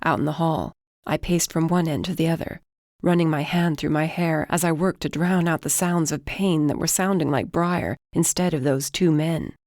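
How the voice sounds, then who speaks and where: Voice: medium pitch, fairly even intonation, moderate pace, darkish tone, no room sound. Dry, close audiobook narration. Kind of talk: first-person audiobook narration.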